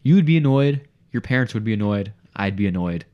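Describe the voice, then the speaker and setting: Young man, very deep voice, animated, casual storytelling, podcast guest. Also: brisk, highs cut off. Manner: animated, says "dude" and "bro" a lot.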